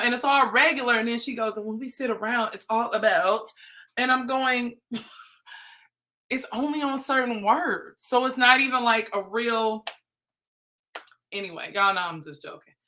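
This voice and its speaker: Woman on a livestream talking reality tv, bright and punchy, playful and teasing. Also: on the high side. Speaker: livestream host. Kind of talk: casual reality-TV commentary.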